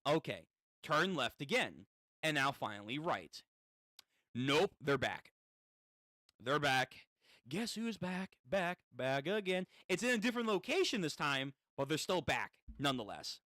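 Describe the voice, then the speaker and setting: A man's voice: medium pitch, big pitch swings, a little slow, sharp tone, no room sound, clean studio sound. A man casually reading a comic aloud and reacting as he goes, swearing often. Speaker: comic read-through host.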